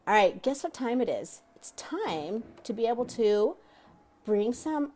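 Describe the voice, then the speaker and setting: Animated woman host, mellow voice. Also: fairly high pitch, measured pace. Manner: animated, addresses listeners directly with questions; acts out quoted dialogue in varied voices. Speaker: talk show host and self-help coach. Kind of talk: motivational teaching talk to an audience.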